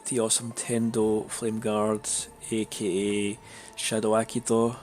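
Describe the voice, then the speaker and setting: A man chatting casually on a live stream, his throat a little raspy and his nose congested, rambling with many fillers and restarts. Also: lowish voice, level tone, measured pace, darkish tone, soft background music.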